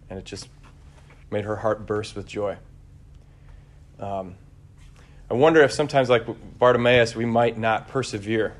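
A man preaching a conversational homily, relaxed and searching, with frequent fillers and restarts. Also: lowish voice, unhurried.

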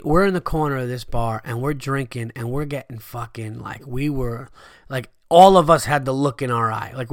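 Animated man telling a story. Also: medium pitch, dry recording, studio quality. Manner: animated, swears freely, shouts when quoting friends. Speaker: podcast host. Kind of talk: casual storytelling.

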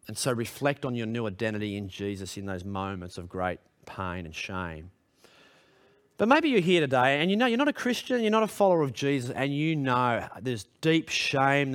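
Earnest pastor preaching. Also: male voice, smooth. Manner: earnest, direct questions to the congregation, pitch rising when emphatic. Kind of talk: sermon. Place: church hall.

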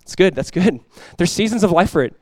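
Here a young pastor in early adulthood gives a sermon with lots of energy and a chatty feel, repeatedly restarting phrases. He speaks briskly in a high register, with no echo on the recording.

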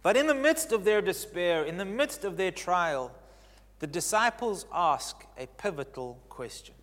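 A man preaching in a large church hall, his fairly high voice trailing off into a long reverb. He stresses key phrases by repeating them and swings between loud declarations and near-hushed lines. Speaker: pastor. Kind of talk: sermon.

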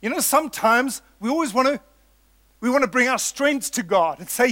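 High-voiced man preaching with emphatic repetition. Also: lively intonation, normal speed, fairly bright tone, no room sound. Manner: earnest, emphatic, builds with repetition; addresses listeners as folks. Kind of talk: sermon.

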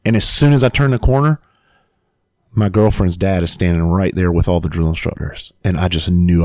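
A man telling a personal story in casual conversation, animated and profane. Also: low voice, brisk, no echo, clean studio sound.

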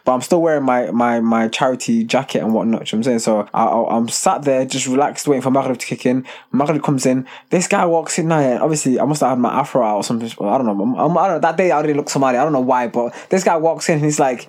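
Fast-talking man. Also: medium pitch. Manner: animated storytelling with slang. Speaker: podcast host. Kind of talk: casual chat.

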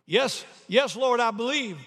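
A man's voice: extremely high pitch, expressive, unhurried, fairly bright tone, in a large hall, voice pushed up, heavily acted. A man doing a screaming, panicked tourist. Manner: frantic, screaming pleas. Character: panicked male tourist dangling from a cliff.

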